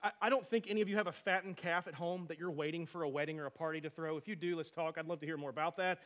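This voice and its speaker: A male pastor in his thirties delivers a sermon in a relaxed, conversational way. He tells stories animatedly and breaks off into friendly asides. His voice sits slightly higher than most men's. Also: rapid-fire.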